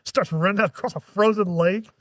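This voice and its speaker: A man's voice: high-pitched, moderate pace. A man co-hosting a podcast, chatting casually about a film and laughing often while quoting characters. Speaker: podcast co-host. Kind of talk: casual film review chat.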